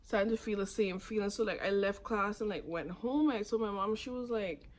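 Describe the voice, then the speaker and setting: This young vlogger from Saint Martin talks a little fast with few pauses as she casually recounts her own story on camera. She's chatty, imitating what others said through sudden high jumps in her voice.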